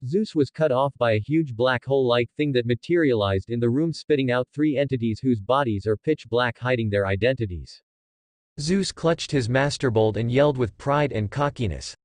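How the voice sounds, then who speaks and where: Man, fan-story narrator, plain reading, small stumbles, dry close sound, mid pitch. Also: expressive, fairly quick, a little mellow, no room sound. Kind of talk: reading fan fiction aloud.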